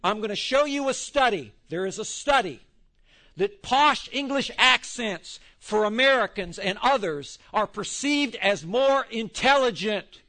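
A man's voice: high-pitched, lively intonation, measured pace, bright, forceful tone. A man preaching a sermon, wandering into joking asides as he goes. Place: church in Texas.

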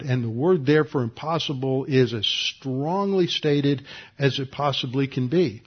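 A man's voice: medium pitch, measured pace, breathy edge, dull audio. A pastor teaching a verse-by-verse sermon to his congregation, explaining Greek grammar with frequent "uh"s. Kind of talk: expository sermon. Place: church room with congregation.

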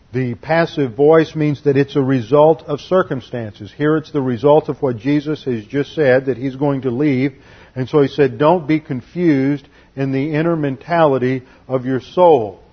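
A man teaching an expository Bible sermon in a measured, deliberate way, slowing down to stress key phrases. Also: medium pitch, slightly rough. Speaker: pastor. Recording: dull lo-fi recording.

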